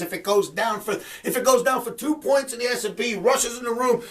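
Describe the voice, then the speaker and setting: A man's voice: extremely high pitch, brisk, few pauses, a bit bright, recorded from a distance. A man hosting a trading commentary show, fired up and ranting, mocking the people he disagrees with. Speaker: trading educator and show host. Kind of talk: market commentary webcast.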